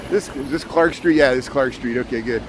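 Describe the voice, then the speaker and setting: Riding a bike through the city, a man narrates his live stream in a mid-range voice that runs a little fast. He chats, thanks viewers and slips in nervous asides, while wind and traffic noise fill the street mic.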